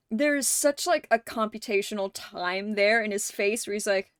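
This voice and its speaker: A woman hosting a livestream, chatting casually with viewers, laughing often and swearing freely in animated reactions. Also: mid-range voice, normal speed, hardly any pauses, clean tone, no room sound, studio quality. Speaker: livestream host.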